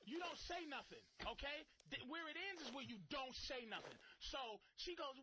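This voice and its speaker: Profane high-voiced man ranting on hissy tape. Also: very animated, normal speed. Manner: loud, profane, rambling with restarts. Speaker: studio guest. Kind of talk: radio talk show rant. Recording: hissy old taped radio broadcast.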